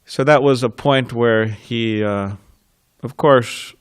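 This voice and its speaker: A man giving a temple scripture class, telling stories in an informal way and laughing softly between thoughts. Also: medium pitch, slow pace, smooth, dry recording, clean studio sound. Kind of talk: reminiscing temple class talk.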